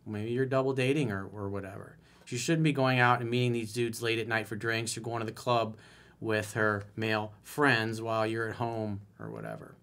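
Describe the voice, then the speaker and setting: This dating coach has a fairly low, slightly bright voice and talks at normal speed in his solo video. Reading a viewer's email aloud, he weighs in bluntly and with emphasis.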